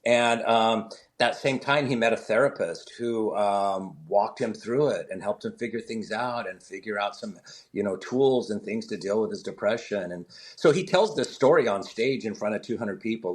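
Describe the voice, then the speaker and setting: On an interview show, a comedian with a fairly low, moderately paced voice tells stories with plenty of energy, slipping into the voices of the people he's describing.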